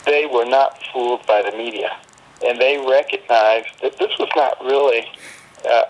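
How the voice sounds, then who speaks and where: A middle-aged man speaking as a guest on a call, giving political commentary in a measured way with frequent fillers and restarts. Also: mid-range voice, low-quality recording.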